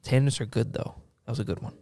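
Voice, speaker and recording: A man's voice: medium pitch, fast talker, gravelly, warm tone. A man hosting a podcast, chatting casually, swearing now and then, and asking his guests questions. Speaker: podcast host. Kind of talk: casual interview chat.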